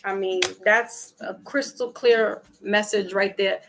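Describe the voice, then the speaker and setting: A woman's voice: mid-range voice, fairly even intonation, slow pace, noisy background. A woman giving a casual tarot reading to her viewers, chatty and talking to people in the chat by name. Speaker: tarot reader. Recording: music playing behind.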